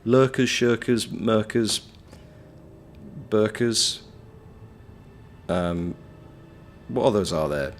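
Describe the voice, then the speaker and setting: A man streaming a game and bantering with his chat in a low, lively voice that swings up and down a lot. His manner is wry and chatty, full of playful wordplay. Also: drawn-out words, pauses often, slight background noise. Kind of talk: casual livestream chat, reading chat.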